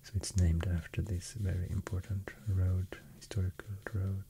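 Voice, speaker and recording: Soft-spoken ASMR man, Swedish accent, deep and very mellow, slow hesitant whisper. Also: flat delivery, vocal fry. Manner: soft, mostly whispered, hesitant with many fillers. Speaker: ASMR host.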